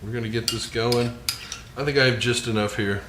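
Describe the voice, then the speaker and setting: A man's voice: mid-range voice, steady tone, brisk, reverberant, heavy background noise. A man hosting a casual cooking demonstration, chatty, with self-deprecating asides. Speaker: cooking show host. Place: outdoor grill and home kitchen.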